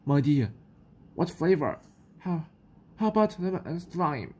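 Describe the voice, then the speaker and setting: A woman's voice: low voice, very animated, a little slow, darkish tone, slightly rough, exaggerated voice. A woman with a New Zealand accent voicing a doting, cooing babysitter sorceress in a children's picture book read aloud. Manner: cooing, indulgent. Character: doting sparkly babysitter sorceress, hard of hearing.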